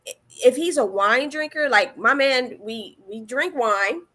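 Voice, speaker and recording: A woman from the Las Vegas area chatting calmly as a podcast co-host. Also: sits high, a little slow. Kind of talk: casual chat.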